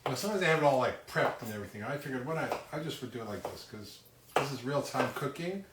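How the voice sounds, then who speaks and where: Guy doing a live cooking demo at home, rambly and self-deprecating, far off the mic, loud dish clatter. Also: medium pitch, animated, noisy background. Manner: chatty, self-deprecating, halting with fillers. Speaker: cooking show host. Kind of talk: casual live cooking demonstration. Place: home kitchen. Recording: roomy, distant kitchen sound with loud clatter. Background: cutlery, dishes and chopping clatter.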